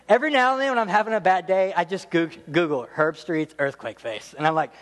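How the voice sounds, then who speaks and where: Young male preacher, jokey and animated, slightly high voice, big hall reverb. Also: brisk. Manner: animated, jokey storytelling with laughs and playful voices. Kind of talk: humorous sermon.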